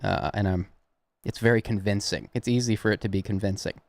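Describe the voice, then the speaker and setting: A man's voice: on the low side, fairly even intonation, a little fast, gravelly, dry recording. A young man from the Southern United States with a Southern accent, hosting a prank-call livestream and chatting casually with his viewers in a rambling, chuckling way. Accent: Southern American. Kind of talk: casual live-stream chat.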